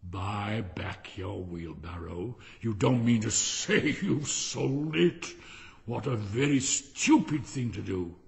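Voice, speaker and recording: A man's voice: lowish voice, expressive, slow pace, gravelly, long reverb tail, pitched below the performer's own voice, exaggerated voice. A man doing a smug preaching miller. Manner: lofty, preaching. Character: smug self-righteous male miller.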